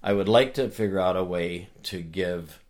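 A man talking as a guest in a casual conversation, telling a story with animated energy and earnest restarts. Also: deep voice, normal speed. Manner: animated storyteller who acts out voices. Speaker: author and guest.

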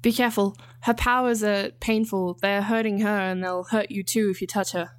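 A woman's voice: medium pitch, steady tone, moderate pace, no echo, close to an everyday voice. A woman voicing a worried, affectionate woman who teaches, speaking earnestly with concern.

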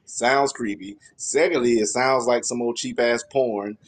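Male co-host, mid pitch, blunt ribbing delivery, quick to laugh. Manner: blunt, teasing, laughing interrogation. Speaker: podcast co-host. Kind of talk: casual comedic chat.

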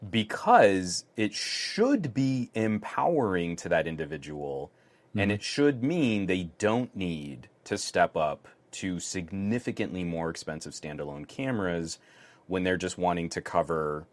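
Very deep-voiced, lively tech podcast co-host. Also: male voice, measured pace, no echo. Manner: animated, acts out quoted people in mock voices. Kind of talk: casual tech chat.

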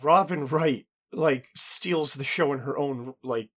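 A man's voice: mid-range voice, takes it slowly. A man co-hosting a podcast, giving blunt, emphatic opinions in casual chat and swearing as he talks. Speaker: podcast co-host.

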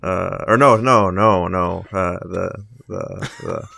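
Man with a very deep, gravelly voice. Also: slow, no echo. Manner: joking, deadpan asides. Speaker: podcast co-host. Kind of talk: casual chat.

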